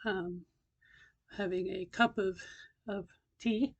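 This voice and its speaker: A middle-aged woman records a relaxed video diary, speaking slowly and haltingly as she thinks aloud. Her voice sits at a middling pitch, with a slightly tight throat and frequent pauses. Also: highs cut off. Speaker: vlogger doing voice training. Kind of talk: casual personal video diary.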